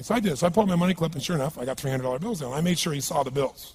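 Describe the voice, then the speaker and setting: A man's voice: on the high side, very fast, hardly any pauses, darkish tone, slight background noise. A man giving a motivational seminar talk to a live audience, emphatic and full of rhetorical questions to the crowd. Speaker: motivational speaker.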